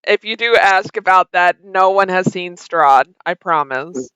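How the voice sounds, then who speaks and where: A woman leading a tabletop game as its game master, her voice smooth and clear. She hesitates often, and the recording is close and dry. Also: lowish voice, measured pace, a bit bright, dry recording, dull audio. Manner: hesitant, lots of ums.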